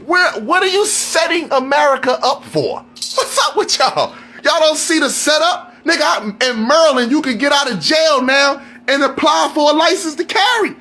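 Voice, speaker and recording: A man on a live stream, delivering a heated, profane rant, often shouting and repeating questions at his listeners. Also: very high-pitched, animated, normal speed, hardly any pauses, slight background noise.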